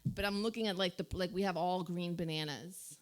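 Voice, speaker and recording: A woman's voice: on the low side, steady tone, fairly quick. A woman in her thirties from New Jersey, hosting a casual radio chat show in a studio, talking loosely with lots of "like" and frequent laughs. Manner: chatty, heavy use of "like", laughs often. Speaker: host.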